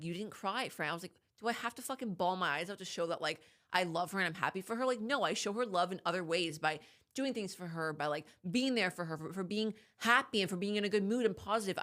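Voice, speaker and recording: A woman's voice: on the low side, fairly bright tone. A young woman co-hosting a podcast, chatting candidly and casually, with a few swear words, and holding her ground when interrupted. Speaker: podcast co-host. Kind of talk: casual chat.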